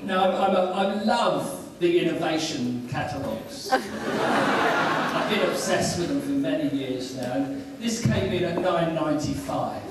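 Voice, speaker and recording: A man's voice: fairly high pitch, animated, a little slow, loud music behind the voice. Man doing stand-up in an echoey hall. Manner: rambling anecdotal banter with the audience. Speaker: stand-up guest at a fan convention. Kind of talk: stand-up comedy storytelling. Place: large convention hall, from far off. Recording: echoey hall from far off, noisy.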